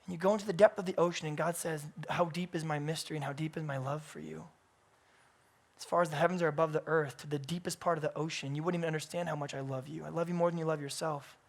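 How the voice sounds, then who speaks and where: A man in his thirties preaching a sermon in church, moving between hushed, intimate passages and loud, emphatic peaks. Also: fairly high pitch, steady tone, quick pace, creaky.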